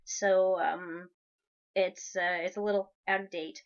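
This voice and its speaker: A woman's voice: lowish voice, fairly even intonation, slow pace, dull audio. A woman in her thirties hosting her own vlog, chatty and upbeat. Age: 30s. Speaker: vlogger. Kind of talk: casual vlog chat.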